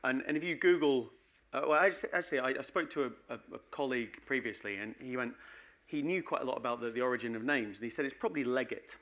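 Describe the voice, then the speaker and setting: A man's voice: medium pitch, fast, fairly bright tone. A man giving a conference talk in a chatty, joking way, often restarting his sentences. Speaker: conference speaker. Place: conference hall.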